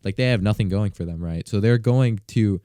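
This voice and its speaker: A man's voice: lowish voice, brisk, dark tone, no echo, clean studio sound. A teenage boy who is a guest on a casual podcast chat, rambling loosely and filling his talk with "like". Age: teens. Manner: rambling, full of "like" fillers.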